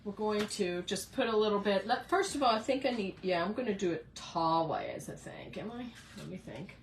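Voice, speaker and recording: Chatty lady painting live in her craft room, middle pitch, bit of hiss. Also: lively intonation, normal speed, poor audio. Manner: chatty, greets viewers by name, thinks aloud. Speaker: craft host.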